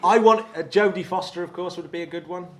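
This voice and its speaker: Enthusiastic English podcast host. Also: male voice, high-pitched, fairly even intonation, fast. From England. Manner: chatty, laughing, enthusiastic. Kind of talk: live podcast banter on stage.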